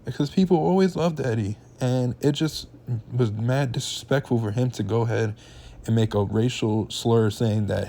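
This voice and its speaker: A man's voice: mid-range voice, moderate pace, gravelly, mellow. A young man hosting a reaction channel, ranting in heated, slangy casual commentary.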